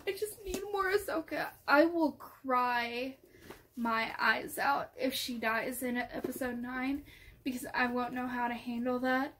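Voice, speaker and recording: A woman book vlogger chatting casually and gushing excitedly, often trailing off into soft asides. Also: a little high, slow pace, a little hiss or hum. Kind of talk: casual chat.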